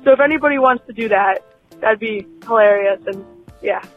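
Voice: medium pitch, brisk, faint music behind. A caller leaving a voicemail who rambles and giggles, full of "like" fillers. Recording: muffled voicemail recording.

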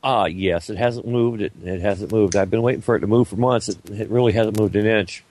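Deadpan male co-host, lowish voice, dry joker. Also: fairly quick, dry recording. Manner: deadpan, joking. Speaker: podcast co-host making a prank call. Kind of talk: casual chat.

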